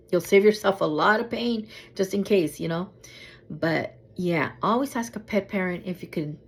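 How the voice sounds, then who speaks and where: A woman vlogger telling a travel story in a casual way, acting out what people said with a high, lively voice. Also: breathy edge. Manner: animated, acts out quotes in a high voice.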